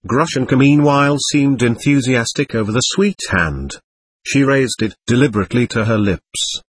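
A man narrating a classic novel as an audiobook, measured and expressive. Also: medium pitch, husky, no echo. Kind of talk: scripted literary narration.

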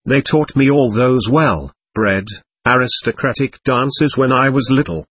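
A man's voice: mid-range voice, a little slow, fairly bright tone, slightly rough, no room sound. A man doing a fawning tipsy old guest. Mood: fond. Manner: mawkish, sweet-toned.

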